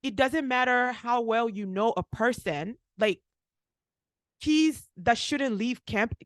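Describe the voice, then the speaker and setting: A young woman with a fairly high voice, recorded without echo, co-hosts a podcast and works as a pharmacist. She tells a story casually and animatedly, acting out what people said and saying "like" often.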